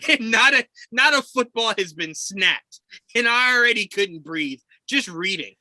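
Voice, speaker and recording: A lively man on a sports podcast, talking over a video call with a high, very bright voice that swings widely in pitch. He swears freely, laughs often and acts out other people's words. The sound is dry and close. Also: unhurried, no room sound. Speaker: podcast co-host. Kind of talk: casual sports chat.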